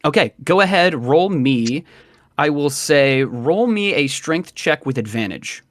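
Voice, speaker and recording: A man narrating a tabletop game as dungeon master, describing scenes in a relaxed way with filler words. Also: on the high side, unhurried, no echo.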